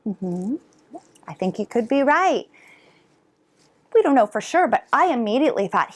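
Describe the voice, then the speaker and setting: A middle-aged woman educator giving a conference talk to parents and teachers, animated and drawing answers from the audience. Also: a little high, moderate pace, pauses often. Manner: animated, asks the audience to respond. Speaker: educator presenter. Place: conference hall.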